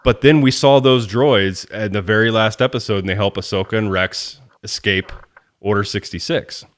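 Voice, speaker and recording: A man's voice: lowish voice, normal speed. A man co-hosting a podcast, talking in a casual, rambling and enthusiastic way. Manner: rambling, enthusiastic fan talk. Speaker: podcast co-host. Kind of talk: casual chat.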